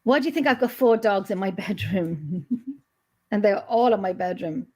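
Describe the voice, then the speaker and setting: A woman's voice: mid-range voice, lively intonation, moderate pace, a little mellow. A middle-aged woman with a Scottish accent chatting casually as a host, telling a long story with many restarts and acted-out quotes. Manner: rambling storyteller who restarts and acts out quotes. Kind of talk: casual chat.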